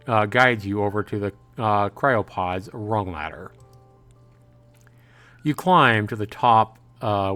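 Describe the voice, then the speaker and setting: Low-voiced man reading a visual novel. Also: a bit bright. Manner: hesitant reading with frequent "uh" fillers and self-corrections. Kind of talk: let's-play narration.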